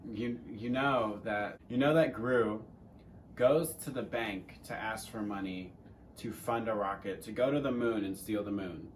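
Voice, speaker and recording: A man's voice: on the low side, measured pace, recorded from a distance, slight background noise. A teenage man co-hosting a casual Q&A chat, rambling and joking with some swearing. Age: teens. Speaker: co-host.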